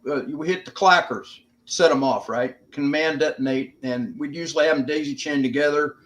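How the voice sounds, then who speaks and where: A man's voice: on the high side, moderate pace, fairly bright tone. Older man telling stories in a plainspoken way. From United States. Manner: plainspoken, swearing, laughing through stories. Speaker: guest, veteran. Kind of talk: casual interview storytelling.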